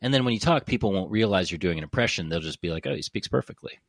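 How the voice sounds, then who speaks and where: A man talking in a casual podcast conversation, animated and playful, slipping into mimicked accents. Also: sits low, very fast, no room sound, clean studio sound.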